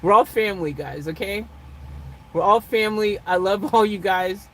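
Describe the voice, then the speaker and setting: A livestream host chatting casually with viewers, chuckling often and swinging between loud, playful teasing and soft, sincere talk. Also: mid-range voice, normal speed, a little hiss or hum, rough recording.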